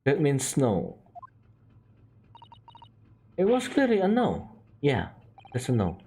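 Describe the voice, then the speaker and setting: Animated, giggly male streamer. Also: mid-range voice, slow, husky. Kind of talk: casual game commentary.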